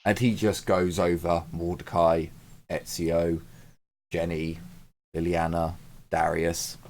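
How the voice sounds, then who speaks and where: A man with a very deep voice narrates a tabletop game as its game master. He describes scenes in a relaxed, unhurried way, pausing on fillers as he goes.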